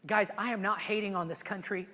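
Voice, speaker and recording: Male pastor, very high and bright voice, emotional sermon delivery, church hall reverb. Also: a little fast. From immigrated to the US at twelve. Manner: emotional, animated preaching with many restarts. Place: church sanctuary.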